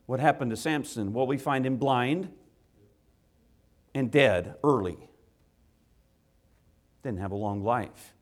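A man, a father, preaching a sermon to children, swinging from loud impassioned rises to quiet earnest asides. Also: mid-range voice, lively intonation, a little slow, pauses often. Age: adult with children. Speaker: pastor.

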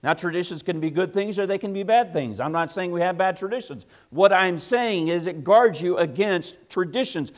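A man preaching a sermon to a congregation, emphatic and repetitive, swinging between loud passages and hushed asides. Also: high voice, expressive, normal speed.

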